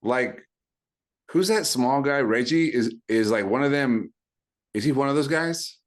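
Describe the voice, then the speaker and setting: A man's voice: medium pitch, animated, a little slow. A man co-hosting a casual podcast chat, laid-back and peppering his talk with "dude". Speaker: podcast co-host.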